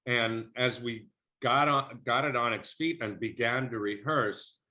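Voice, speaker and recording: A middle-aged man, an actor being interviewed, telling lively anecdotes in casual conversation and acting out the people he quotes. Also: mid-range voice, measured pace. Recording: dull lo-fi recording.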